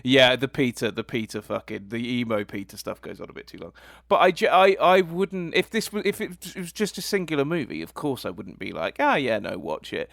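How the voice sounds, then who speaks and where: A man's voice: medium pitch, big pitch swings, a little fast, gravelly, fairly bright tone, no echo, clean studio sound. A man co-hosting a casual film review podcast, easygoing and hesitant, often restarting his sentences. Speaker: podcast co-host.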